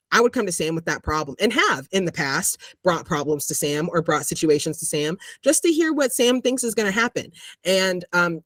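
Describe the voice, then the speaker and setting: A podcast co-host in casual chat, talking loosely with lots of fillers and frequent laughs. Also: male voice, sits high, a bit bright, no room sound.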